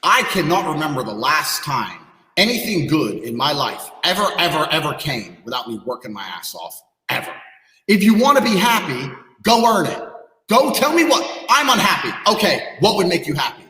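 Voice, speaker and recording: A man's voice: a little high, sing-song, normal speed, pushed and bright. A man on a podcast ranting bluntly and profanely, lecturing his listeners. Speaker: podcast guest. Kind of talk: heated podcast rant. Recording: echoey room with long reverb.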